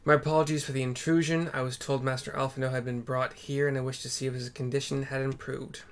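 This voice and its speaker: A man's voice: mid-range voice, flat delivery, fast talker, a little hiss or hum, natural voice. A man voicing an earnest, formal nobleman in archaic speech, stumbling on hard words. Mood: solemn.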